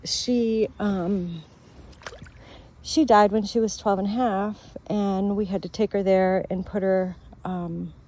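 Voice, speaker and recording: Mellow-voiced woman rambling emotionally. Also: medium pitch, fairly even intonation, takes it slowly, a little hiss or hum. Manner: rambling, emotional storytelling with many fillers. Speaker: vlogger. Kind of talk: casual chat.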